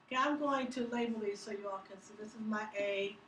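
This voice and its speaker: A woman's voice: medium pitch, fast talker, fairly bright tone, a little hiss or hum. A woman teaching math to a class, upbeat and teasing, asking students questions as she works through problems. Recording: echoey classroom from far off.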